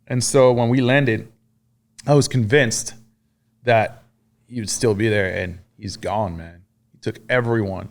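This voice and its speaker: This French man's voice sits on the low side, steady and unhurried, with vocal fry and frequent pauses. An army veteran appearing as a podcast guest, he recounts war stories conversationally, swearing freely and performing other people's lines.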